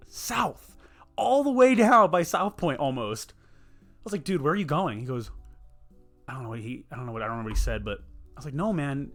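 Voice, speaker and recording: A man's voice: medium pitch, lively intonation, a little fast, long pauses, a bit bright, soft background music. A young man, telling a rambling, profane story in a casual podcast chat. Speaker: podcast host.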